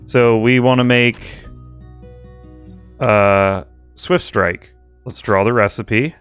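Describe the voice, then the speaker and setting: A man's voice: medium pitch, fairly even intonation, slow pace, a bit bright, clear, resonant tone, soft background music. Chatty young man playing a game. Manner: chatty, amused, thinks aloud. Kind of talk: casual let's-play commentary.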